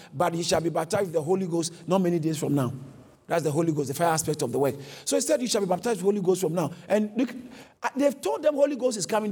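A man preaching a sermon, animated, acting out quoted speech and often correcting himself mid-sentence. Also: sits high, husky. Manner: animated, acts out quotes, frequent self-corrections.

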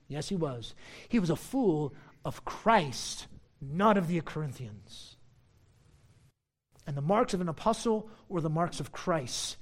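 A preacher giving a sermon, teaching in an emphatic, conversational way with frequent asides and a sarcastic edge. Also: mid-range voice.

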